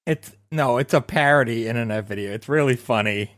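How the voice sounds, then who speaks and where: A man's voice: medium pitch, fairly quick, a bit bright, no echo. A man on a podcast panel, dropping short, dry sarcastic quips in casual chat.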